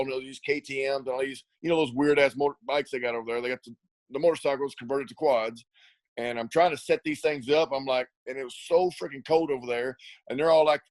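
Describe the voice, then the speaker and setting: A quick, chatty middle-aged man tells racing-trip stories in a rambling way, stumbling over repeated words and laughing as he goes. His voice is close and dry, with no room sound around it. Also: mid-range voice, dry recording, poor audio. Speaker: ATV racer and riding school coach. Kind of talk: casual storytelling interview.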